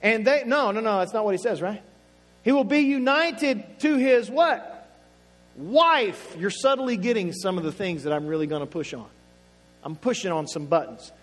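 High-voiced preacher from Oklahoma. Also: male voice, lively intonation. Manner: conversational, playful, drawn-out emphasis. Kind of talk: sermon. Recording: echoey hall with faint music.

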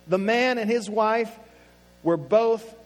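A man's voice: high-pitched, slow. A man from Oklahoma with an Oklahoma accent, preaching a sermon in a playful, conversational way and stretching words for emphasis. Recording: echoey hall with faint music.

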